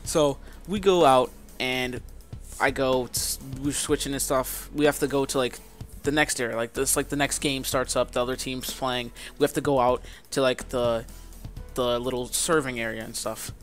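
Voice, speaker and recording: A young man rambles through a casual story, leaning constantly on filler words. His voice sits at an ordinary middle pitch, and faint music plays behind him. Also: fairly even intonation, normal speed. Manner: rambling, heavy use of filler "like". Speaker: vlogger.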